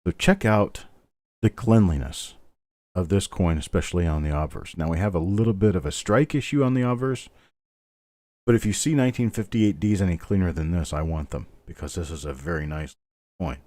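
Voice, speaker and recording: A man's voice: low-pitched, fairly quick, a little mellow, dry recording. A middle-aged man hosting a live online coin auction, calling bids steadily and chatting between lots. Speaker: auctioneer host.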